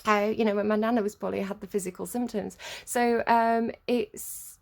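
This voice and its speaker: A woman's voice: medium pitch, steady tone, moderate pace, gravelly, a little mellow. A young woman giving a casual tarot reading, rambling and chatty, full of filler words. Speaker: tarot reader.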